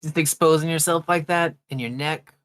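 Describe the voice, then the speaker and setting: A man's voice: a little high, fairly even intonation, normal speed, a bit bright, clean tone, dry recording. A man playing a tabletop game, arguing jokingly in a mock-serious tone. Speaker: player. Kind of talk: casual tabletop role-play chat.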